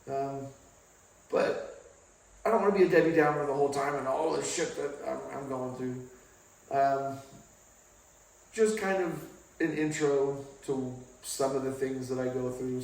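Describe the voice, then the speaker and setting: A man from England, telling a candid personal story to the camera in a casual, halting way, recorded in his home garage. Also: medium pitch, a little mellow. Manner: halting, casual, with pauses and restarts. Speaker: vlogger. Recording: very echoey garage, mic far off.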